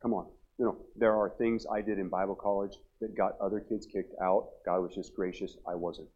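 A man in his forties, a pastor preaching a revival sermon, joking and telling stories, then pressing his point loudly. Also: deep voice, fairly even intonation, brisk, highs cut off. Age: 40s. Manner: humorous storytelling, rising to loud emphatic preaching. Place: church sanctuary.

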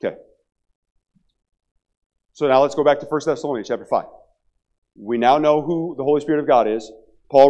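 A middle-aged man preaching at a church revival service, animated, acting out little quotes and calling out to the congregation. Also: medium pitch. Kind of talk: revival sermon.

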